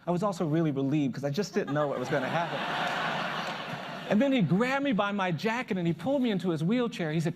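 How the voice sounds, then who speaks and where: A man's voice: fairly high pitch, fast talker, a little mellow. A man, a lawyer, giving a motivational speech with emphatic, building repetition. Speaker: lawyer and public speaker. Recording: echoey hall reverb.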